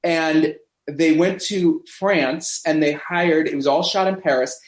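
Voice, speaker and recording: A man in a casual podcast chat, telling lively backstage stories and acting out what people said. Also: on the high side, a little slow. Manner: animated storyteller who acts out quoted voices. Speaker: podcast guest. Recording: roomy echo.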